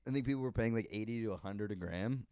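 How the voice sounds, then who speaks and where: A man's voice: fairly low pitch, quick pace, crowd noise. A young man co-hosting a podcast, laid-back in casual chat, laughing and swearing through his stories. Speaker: podcast co-host.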